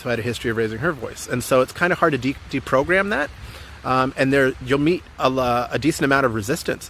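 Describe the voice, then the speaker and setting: Male relationship coach with a bright, forceful voice and an earnest, encouraging delivery that hammers home each step; recorded outdoors with faint noise behind. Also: medium pitch. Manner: earnest, encouraging, repeats key points. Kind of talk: motivational coaching talk to camera.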